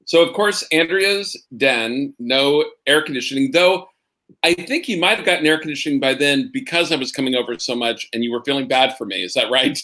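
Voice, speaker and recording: Bright-voiced, easygoing man on a video call. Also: mid-range voice. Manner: easygoing, halting and hesitant. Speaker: co-host celebrating his birthday. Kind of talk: casual video-call chat. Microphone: video call from home.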